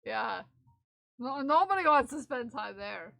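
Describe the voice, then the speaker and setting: A woman's voice: on the high side, sing-song, a little slow, creaky, fairly bright tone, dry recording. A woman streamer chatting casually with her viewers, reading their messages aloud and laughing often. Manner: chatty, giggly, reads chat aloud. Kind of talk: casual live-stream chat.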